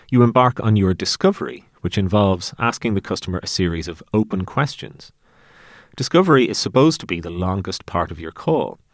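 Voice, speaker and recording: A man reading his own essay aloud in a wry, deadpan way. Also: sits low, no echo, studio quality.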